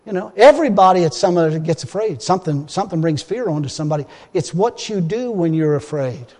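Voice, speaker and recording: A man's voice: high voice, lively intonation, quick pace, mellow, in a large hall. A man preaching a sermon in an emphatic, folksy way, often restarting his phrases.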